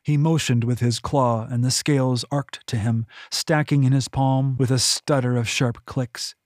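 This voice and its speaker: A man narrating his own fantasy novel as an audiobook, measured and unhurried, on a close mic. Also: mid-range voice, steady tone, a little mellow, no echo. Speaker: author and narrator.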